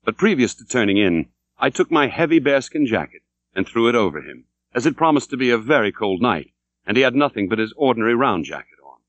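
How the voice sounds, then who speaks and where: Male audiobook narrator, dramatic reading, lively pitch, mid-range voice. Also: a little fast, no room sound. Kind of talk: scripted literary narration. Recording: dull dry recording.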